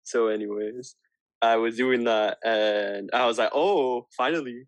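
A man's voice: on the low side, little pitch movement, a little slow, dry recording. A young man co-hosting a podcast, chatting casually in a rambling, hesitant way. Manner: rambling, hesitant, lots of fillers. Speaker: podcast co-host. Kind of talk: casual chat.

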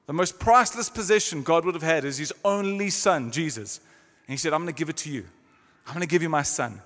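A man preaching a sermon in a church, stressing words by slowing down and changing his volume. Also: a little high, lively intonation, a bit bright. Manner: emphatic, varies pace and volume for stress. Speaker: pastor. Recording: long hall reverb.

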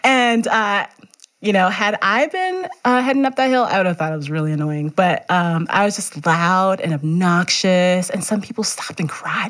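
A woman's voice: fairly low pitch, expressive, normal speed, a bit bright. A middle-aged woman, a teacher and runner, candidly telling a personal story in conversation and laughing often.

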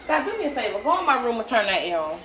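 Blunt, loud-scolding woman podcast host. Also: on the high side, sing-song, very fast. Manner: blunt, profane, scolds loudly. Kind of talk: casual chat. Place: at home. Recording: noisy background.

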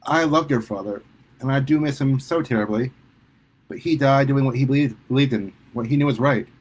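A man voicing a warm, fretful middle-aged mother, affectionate and teary. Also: medium pitch, brisk, slightly rough, voice pushed up, natural voice, poor audio. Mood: tender, sad.

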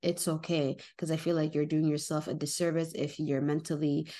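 Low-voiced woman teacher, earnest. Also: flat delivery, moderate pace, dark tone. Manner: earnest, reflective, heavy use of "like" and "literally". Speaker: teacher and podcast co-host. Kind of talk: casual podcast chat.

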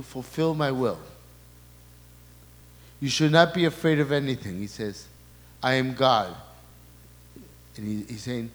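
A man's voice: medium pitch, big-room sound. A man, a priest, giving a sermon talk before a live audience, often breaking off and repeating his words as he relays quoted messages.

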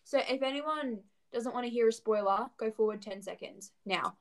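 A young woman with an Australian accent chats on a casual podcast. Her voice sits a little high, and she keeps filling her sentences with "like" and small giggles. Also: moderate pace, poor audio. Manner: chatty, lots of "like" fillers, giggly. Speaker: podcast co-host. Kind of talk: casual chat.

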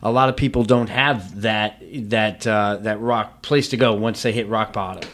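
A man's voice: fairly low pitch, steady tone, normal speed, a bit bright. A man co-hosting an interview, asking reflective questions in a conversational way.

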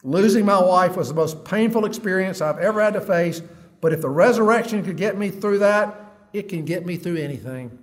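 Man, preacher, sermon, earnest, fairly high voice, goes low and soft on heavy words. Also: brisk. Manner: reads long quotes aloud in a storytelling way.

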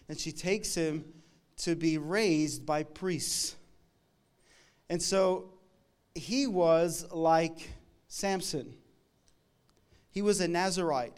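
A man from Canada delivers a sermon in a slightly high, clean and resonant voice. He tells a story in a conversational way, breaking off now and then to speak straight to his listeners. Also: darkish tone, clear, resonant tone. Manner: storytelling, conversational, with quick asides. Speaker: pastor.

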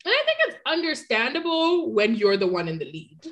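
A woman talking casually on a podcast, chatty and animated, laughing easily as she discusses. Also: a little high, brisk. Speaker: podcast co-host. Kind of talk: casual chat about motor racing.

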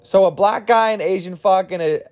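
A tired podcast host in his twenties, losing his voice, tells a joke through a rambling, self-deprecating monologue full of restarts and casual swearing. His voice sits high with a darkish tone at a moderate pace.

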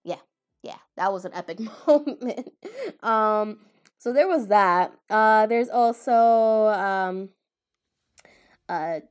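A woman's voice: medium pitch, slow, pauses often, clean tone. A woman chatting casually about anime, rambling, laughing and often stopping to correct herself. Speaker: anime vlogger. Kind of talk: casual chat.

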